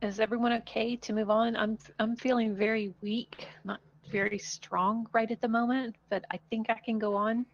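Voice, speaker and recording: A woman playing her character in a casual tabletop game, speaking softly and hesitantly. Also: on the high side, flat delivery, normal speed, few pauses, lo-fi sound. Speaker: player.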